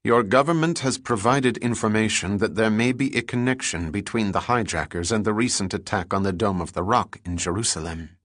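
A man voicing a stern male commando officer with a crisp, clipped Hebrew accent, speaking slowly and with command. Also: fairly low pitch, fairly bright tone, no echo, clean studio sound.

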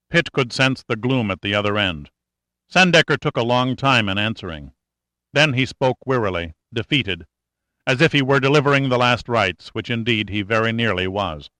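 A man narrating an audiobook thriller in a steady, tense storytelling manner. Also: mid-range voice, normal speed, dry recording, studio quality. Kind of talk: scripted narration.

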